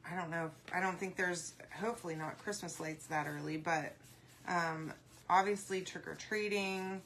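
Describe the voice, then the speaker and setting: A chatty woman with a slightly low voice walks viewers through a craft project in a loose, rambling way. She talks while she works and answers comments aloud as they come in. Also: fairly even intonation, moderate pace, fairly bright tone, slight background noise. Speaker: craft video host. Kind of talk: casual crafting tutorial.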